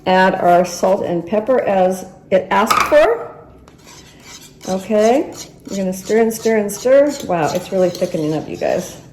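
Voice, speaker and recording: A woman's voice: medium pitch, expressive, a little slow, noisy background. Woman, home cooking vlogger, chatty and easygoing, phone-filmed in a roomy kitchen with faint utensil clatter. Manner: chatty, talks to viewers while stirring. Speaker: cooking channel host. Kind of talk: casual cooking vlog. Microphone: handheld phone camera. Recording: echoey kitchen, clattering dishes. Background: utensil and dish clatter.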